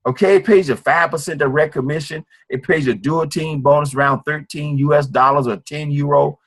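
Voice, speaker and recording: A man giving an informal sales training talk, fast and acting out sales calls. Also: a little high, fairly even intonation. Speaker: network marketing trainer.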